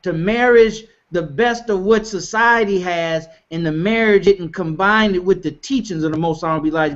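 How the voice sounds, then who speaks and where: A man's voice: high voice, highs cut off. A man hosting a live broadcast in a fervent, preacher-like way, calling out to his audience again and again. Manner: fervent, exclamatory, repetitive calls to the audience. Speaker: host.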